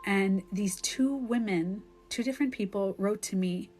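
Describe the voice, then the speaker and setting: A woman's voice: medium pitch, a little slow, a little mellow, faint music behind. Candid woman on a phone live stream. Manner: candid, emotional storytelling with frequent "like". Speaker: life coach.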